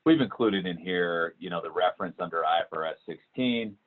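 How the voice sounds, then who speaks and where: A man walking through a software demo in a webinar, talking with many fillers and restarts. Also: sits low, a little fast. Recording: tinny phone-like call audio.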